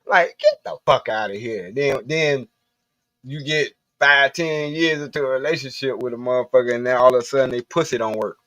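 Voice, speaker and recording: On a livestream, a Southern US man hosts a casual, rambling monologue, ranting bluntly and with plenty of profanity. His mid-range voice has a fairly bright tone and runs a little fast, and the recording has no echo.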